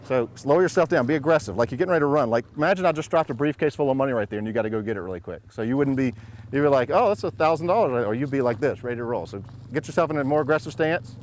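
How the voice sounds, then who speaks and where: A man's voice: mid-range voice, very fast, a little mellow, slight background noise. A middle-aged man coaching young shooters at an outdoor range, joking with them and calling out drill commands.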